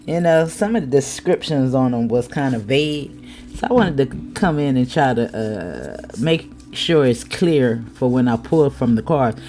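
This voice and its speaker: A woman giving a casual tarot reading, chatty, with laughing asides and drawn-out exclamations. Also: extremely low pitch, expressive, dark tone, faint music behind. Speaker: tarot reader.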